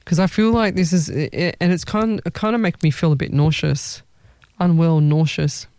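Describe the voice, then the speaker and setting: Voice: mid-range voice, moderate pace, a little mellow, smooth, no room sound. A host giving a chatty, rambling live psychic reading, often restarting sentences.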